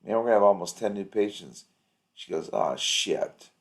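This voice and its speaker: A man with a very low voice talks through a video call. He coaches in a loose, rambling way, piling up anecdotes and upbeat encouragement. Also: fast talker, a little mellow. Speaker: practice coach. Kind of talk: casual coaching chat.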